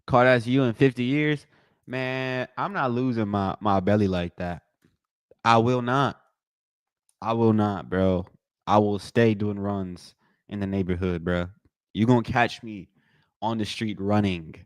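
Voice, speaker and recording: A young man commentating a live watch party, joking with his chat in a slangy, excitable way. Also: a little slow, clear, resonant tone, dry recording, clean studio sound. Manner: excitable, joking, slangy, bursts into high-pitched reactions.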